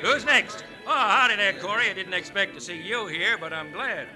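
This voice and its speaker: An actor playing a slick, crooked carnival shell-game barker with smooth patter in an old radio drama. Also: male voice, sits high, normal speed, close to an everyday voice. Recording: old radio recording with music.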